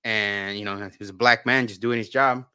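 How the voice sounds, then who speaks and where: A man's voice: on the low side, steady tone, moderate pace, pushed and bright, clear, resonant tone, no room sound. A man co-hosting a podcast, talking casually and rambling with many restarts and repeated words. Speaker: podcast co-host. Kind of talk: casual conversation.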